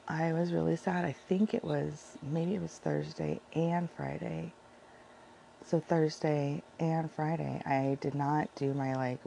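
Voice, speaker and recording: A woman chatting casually about her Bible devotions, rambling and correcting herself often, with a heavy vocal fry. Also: sits low, dark tone, a little hiss or hum, poor audio. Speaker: vlogger sharing Bible devotions.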